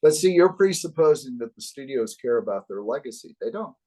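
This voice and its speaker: An older man from the US East Coast, a guest in a casual interview, telling wry, animated stories. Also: medium pitch, fairly quick, low-quality recording. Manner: wry, animated anecdotes with acted quotes. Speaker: guest, author.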